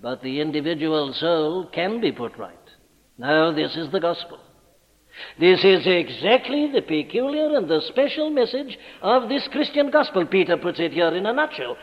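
Emphatic high-pitched preacher in a hall. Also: male voice, sing-song, normal speed. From Wales. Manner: emphatic, rising to forceful declarations. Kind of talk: sermon. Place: church. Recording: dull archival recording in a large reverberant church.

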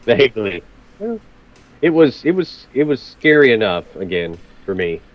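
A man's voice: medium pitch, sing-song, normal speed. Man with a dull lo-fi recording. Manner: repeats words when starting sentences. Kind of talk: casual chat.

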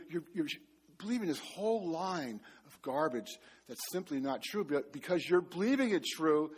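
A man's voice: on the high side, a little mellow, breathy edge. A middle-aged man preaching a sermon, telling a story with self-mocking humor. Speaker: pastor.

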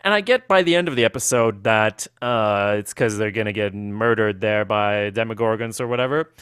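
A man co-hosting a podcast, rambling and animated in casual chat, with many restarts. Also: fairly low pitch, moderate pace, smooth, dry recording, clean studio sound. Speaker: podcast co-host.

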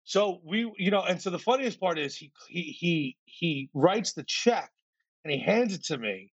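A man with a slightly high, gravelly voice tells a lively story as a podcast guest. He acts out what other people said and stumbles over repeated words when he gets excited. The sound is dry and a little muffled. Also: moderate pace, no echo. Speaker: podcast guest, startup founder. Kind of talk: animated storytelling in a podcast interview.

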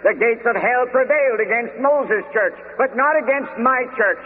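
Male preacher, high voice, emphatic and deliberate, tinny old hall recording. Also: slight background noise. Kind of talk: sermon. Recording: tinny phone-like archive recording in a long-reverb hall.

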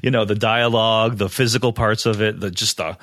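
A man co-hosting a podcast, in a casual film discussion, enthusiastic and quick to laugh, with frequent restarts. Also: fairly low pitch, steady tone, fairly bright tone, no room sound, studio quality. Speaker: podcast co-host.

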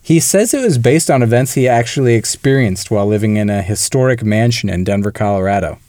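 Male podcast co-host, relaxed explainer, dry close sound. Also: fairly low pitch, a little fast, dry recording. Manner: conversational, explanatory, occasional laughs. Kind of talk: casual film review chat.

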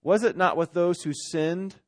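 Man, pastor preaching, slightly high voice, loud bursts then hushed lines. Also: unhurried. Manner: conversational preaching with sudden loud swells and quiet drops. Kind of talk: sermon.

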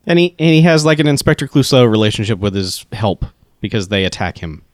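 A man on a movie podcast whose voice swings lively up and down. He jokes around and laughs often. The sound is dry and close to the mic. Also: on the low side, fast, dry recording. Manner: animated, jokey, laughs often. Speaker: podcast co-host. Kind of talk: casual chat reviewing a movie.

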